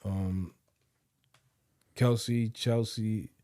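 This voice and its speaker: A man's voice: lowish voice, fairly even intonation, extremely slow, dark tone, dry recording, clean studio sound. A man co-hosting a podcast, chatting casually about sports and often repeating words as he thinks aloud. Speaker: podcast co-host.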